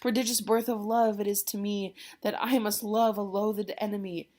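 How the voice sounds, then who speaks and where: A woman reading aloud the part of a dramatic, lovestruck teenage girl, slow and heightened. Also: mid-range voice, level tone, darkish tone, pitched above the performer's own voice, close to an everyday voice. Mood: yearning.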